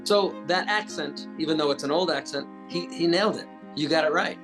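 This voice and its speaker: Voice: medium pitch, brisk, over music. A festival interviewer speaking over a video call from rural Virginia, chatty, laughing often and praising the guest's work.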